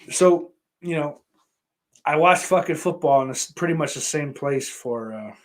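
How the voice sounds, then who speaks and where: A man's voice: on the high side, animated, unhurried. A man from hosting a podcast, rambling in casual chat, with lots of swearing, fillers and restarts. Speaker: podcast host. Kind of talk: casual chat answering viewer questions.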